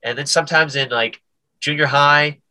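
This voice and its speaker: A comedian on a podcast, his voice a little high and his speed normal, spins stories during a casual interview. Animated throughout, he keeps stammering into restarts and slips into character voices.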